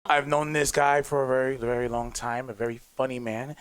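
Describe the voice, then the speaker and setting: A man's voice: mid-range voice, fairly even intonation, fairly quick, smooth, no echo. A man on a podcast introducing the next guest in an announcer style. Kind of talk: casual podcast chat.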